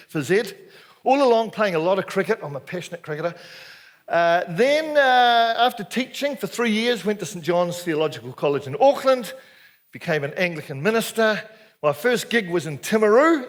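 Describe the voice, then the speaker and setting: An older Anglican preacher with a New Zealand accent, telling stories to a hall of men. His voice sits high and swings widely up and down. He keeps it chatty and playful, often throwing questions out to the crowd. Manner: lively, jokey, chatty, asks the crowd questions. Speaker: Anglican minister, speaker. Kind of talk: storytelling sermon to a men's gathering.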